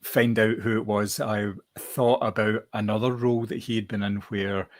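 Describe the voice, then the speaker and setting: Man, lowish voice, casual film review chat, halting restarts. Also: level tone. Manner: halting, repeats words while thinking. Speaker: podcast co-host.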